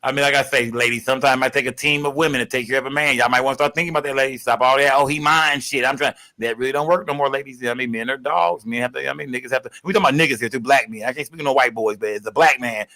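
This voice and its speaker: A young man hosting a casual livestream, rambling and profane, giving constant shout-outs to his viewers. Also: mid-range voice, fairly even intonation, racing, hardly any pauses. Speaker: livestream host.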